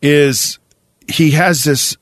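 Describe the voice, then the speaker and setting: A man hosting a sports podcast, talking in a reflective, halting way. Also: fairly high pitch, no echo, studio quality. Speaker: podcast host. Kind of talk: casual sports chat.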